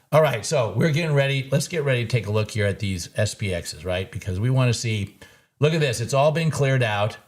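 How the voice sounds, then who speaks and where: A man's voice: mid-range voice, lively intonation, moderate pace. A man hosting a live market recap, talking casually, laughing easily and throwing in folksy sayings. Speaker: trader and show host.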